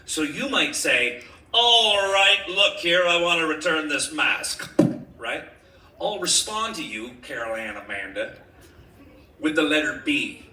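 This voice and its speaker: Loud profane comedian, roomy stage sound. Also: male voice, a little high, expressive, measured pace. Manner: profane, shouting, playing an irate shopkeeper. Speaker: comedian running a crowd game. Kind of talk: live improv with audience volunteer. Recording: roomy live venue from far off.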